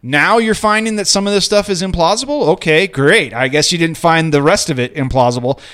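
A man's voice: a little high, a little fast, fairly bright tone, clear, resonant tone. A man hosting a casual podcast, rambling and profane as he voices strong opinions. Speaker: podcast host. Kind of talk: casual chat.

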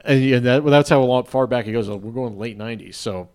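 A man talking as a guest on a sports podcast, rambling and animated, with many restarts. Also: mid-range voice, a little fast, smooth. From Denver area. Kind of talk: casual podcast chat.

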